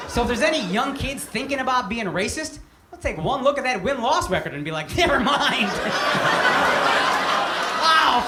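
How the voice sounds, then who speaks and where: A man in his thirties performing a brash, profane stand-up comedy set on a club stage. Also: very high-pitched. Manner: brash, profane, punchy delivery. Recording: roomy live club recording with crowd noise. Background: loud audience laughter.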